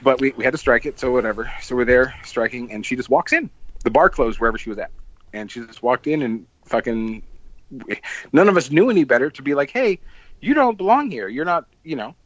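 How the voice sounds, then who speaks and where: A man's voice: expressive, fairly quick, dry recording, muffled recording. Rambling, swearing man telling a story. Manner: rambling, swears often, acts out quotes with big pitch jumps. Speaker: podcast host. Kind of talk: casual storytelling chat.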